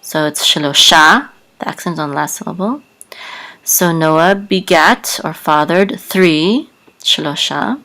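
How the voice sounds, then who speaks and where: Woman, language teacher, deep for her sex, slow and soft-spoken, patient. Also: low-quality recording. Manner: soft-spoken, careful, spells out sounds with many fillers. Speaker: Hebrew teacher.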